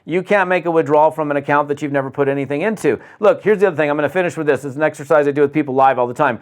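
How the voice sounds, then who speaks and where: A man from the United States giving an energetic, conversational motivational talk on business, often restarting phrases and acting out quotes. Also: on the high side, racing. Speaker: network marketing speaker.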